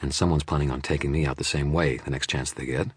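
A man's voice: very deep voice, fairly even intonation, fast, husky, dry recording. A man voicing a hard-pressed male wizard detective who presses for help in an urgent, insistent way. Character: hard-pressed male wizard private eye, weary and stubborn.

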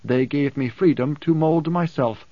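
Man doing a calm, cryptic male advisor. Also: on the high side, no room sound. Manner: measured, lecturing, composed. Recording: dull dry close recording.

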